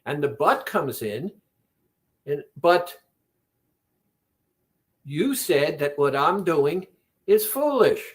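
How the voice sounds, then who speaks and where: A man talking as a weight-loss coach, slowly and deliberately retelling a conversation with a client. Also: a little high, big pitch swings. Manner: slow, deliberate, retells conversations with quoted dialogue. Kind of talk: reflective monologue.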